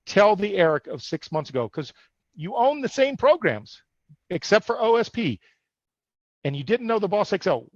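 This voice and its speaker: A man's voice: on the high side, dry recording. A man hosting a live sales show over a video call, talking in an upbeat, hype-driven way. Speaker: host. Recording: dull, dry video call audio.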